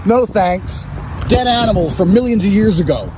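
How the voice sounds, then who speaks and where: High, lively man ranting aggressively. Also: normal speed. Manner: aggressive, mocking, profane. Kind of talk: brash rant. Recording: clip with noisy background.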